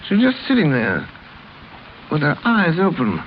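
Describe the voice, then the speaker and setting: Brief: a sozzled upper-class gent, high and swooping, slurred and rambling, on a muffled old radio tape. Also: male voice, huge pitch swings, normal speed, a little hiss or hum. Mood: drunken confiding. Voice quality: slurred, singsong drunken rambling. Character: drunken upper-class English gentleman, rambling and silly. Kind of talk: 1930s radio drama rehearsal.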